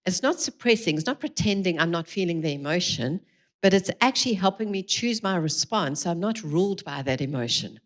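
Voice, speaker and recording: A middle-aged woman, giving a lively parenting talk to a church audience, acting out quotes and laughing often. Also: fairly low pitch, fairly quick. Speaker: parenting speaker. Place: church hall.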